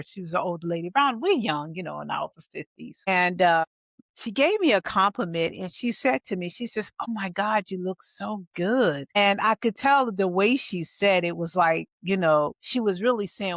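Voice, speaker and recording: A woman in her fifties talks straight to the listener like the pastor she is, lively and storytelling, slipping into voices for the people she quotes. Her voice sits a little low for a woman. The sound is close and dry, with no room around it. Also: no echo. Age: 50s. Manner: animated storytelling with acted-out quotes. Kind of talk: personal testimony vlog.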